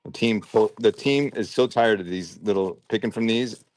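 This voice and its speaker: Low-voiced man chatting on a livestream. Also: moderate pace, no echo. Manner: chatty, rambling, thinks aloud while working. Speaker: livestream host sorting and packing toy brick orders. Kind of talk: casual chat while working.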